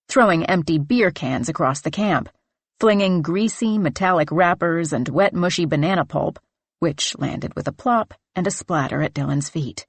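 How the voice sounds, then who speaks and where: A woman narrating a horror novel in a measured, dramatic reading on a close studio mic. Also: on the low side, no echo. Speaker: audiobook narrator.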